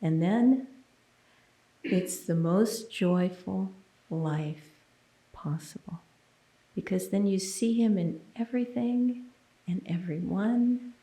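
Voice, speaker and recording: Slow, earnest woman giving a sermon. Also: medium pitch. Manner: earnest, intimate storytelling, sometimes dropping to a hushed near-whisper. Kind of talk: personal testimony in a sermon. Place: church sanctuary. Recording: roomy, echoey sound.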